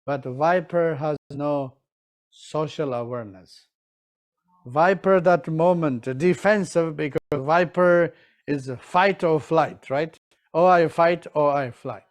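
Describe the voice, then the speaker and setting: Guy teaching a class real slow, kinda high voice, broken english, keeps going "right?" and acting stuff out. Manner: non-standard English grammar, keeps checking with "right?"; animated, acts out examples. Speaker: teacher of Tibetan medicine. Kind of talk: live teaching session.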